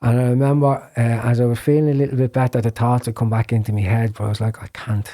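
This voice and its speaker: An Irish man telling his personal testimony in a podcast interview, earnest, with repeated words and restarts, sometimes dropping to a hushed whisper. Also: medium pitch, flat delivery, quick pace. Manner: earnest storytelling, drops to a hushed whisper when recalling prayers.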